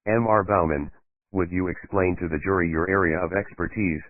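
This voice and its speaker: A male prosecutor questions a witness in a plain, businesslike way, as a man narrating an audiobook reads him. The voice is very low and dry, with a tinny, phone-like sound. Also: moderate pace, no room sound, lightly acted.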